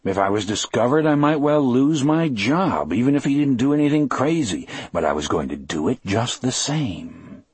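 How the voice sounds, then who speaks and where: A man narrating a first-person audiobook in a measured, expressive storytelling voice. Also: medium pitch, husky, no room sound.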